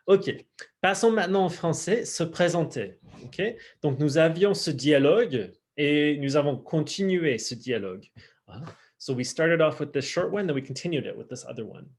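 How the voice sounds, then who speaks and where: A man's voice: fairly high pitch, animated. Upbeat man teaching French. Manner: upbeat, chatty, slows down to model pronunciation. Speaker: high school French teacher. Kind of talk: casual online class, switching between French and English.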